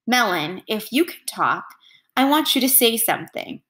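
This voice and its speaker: A woman's voice: on the high side, very animated, normal speed, fairly bright tone. A woman voicing a proud, impatient storybook king. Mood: commanding. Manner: commanding, impatient.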